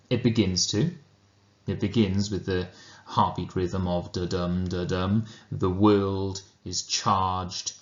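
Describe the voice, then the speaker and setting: A man with a Welsh accent teaching a lesson, explaining slowly and carefully, then reading a poem aloud. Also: sits low. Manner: slow, measured explanation. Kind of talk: recorded lesson and poetry reading. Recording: roomy, dull lo-fi recording.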